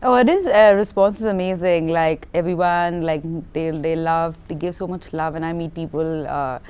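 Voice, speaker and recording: Smooth-voiced actress, lively chat. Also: female voice, on the low side, moderate pace. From India. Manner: animated storyteller, laughs often, repeats words. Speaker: film actress. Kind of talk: casual interview chat.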